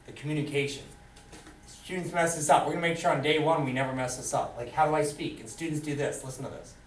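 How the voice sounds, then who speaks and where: A man teaching math in a classroom, lecturing lively and quizzing his students with questions as he goes. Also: on the high side, slight background noise. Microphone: camera far from the speaker. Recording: echoey classroom from far off.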